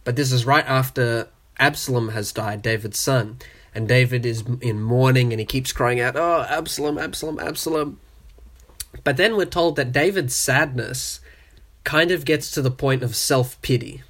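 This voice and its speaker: The voice is a man of middle pitch talking through scripture on a podcast, relaxed and chatty. He reads short verses aloud and then unpacks them in plain words, trailing off with "uh" and "you know" as he thinks. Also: normal speed. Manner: explains and reads verses conversationally with fillers. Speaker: podcast host. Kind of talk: casual Bible study discussion.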